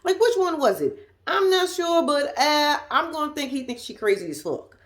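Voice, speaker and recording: A woman's voice: high voice, sing-song, normal speed, fairly bright tone. A woman with a Southern US accent giving a blunt, sassy, laughing casual commentary as a vlogger. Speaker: reality TV recap vlogger.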